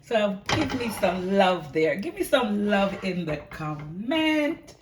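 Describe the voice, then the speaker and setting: A chatty, excitable woman hosts a home cooking vlog at a mid-range pitch, often calling out to her viewers. She stands some distance from the mic, and the loud bubbling of a pot on the stove runs under her voice. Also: slow pace. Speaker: cooking channel host. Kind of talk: casual cooking vlog chat. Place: home kitchen. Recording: voice far from the mic over loud boiling pot noise.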